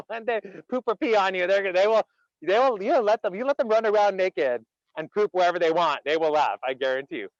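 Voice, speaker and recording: Guy running a laughter workshop on a video call, kinda high voice, says like a lot, dry slightly muffled audio. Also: normal speed, dry recording. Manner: energetic, asks the audience many questions; chatty, many "like" fillers. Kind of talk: interactive online workshop talk.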